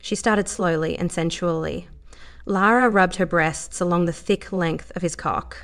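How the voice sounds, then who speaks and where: A woman reads a story aloud at an even, measured pace. Her voice sits a little lower than usual for a woman. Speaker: narrator.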